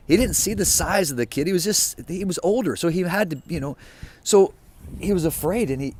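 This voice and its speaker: A middle-aged man giving an informal sermon, telling a story in a lively, conversational way. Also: fairly high pitch, noisy background. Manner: storytelling, lively and conversational, drops to a hush for quoted dialogue. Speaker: preacher.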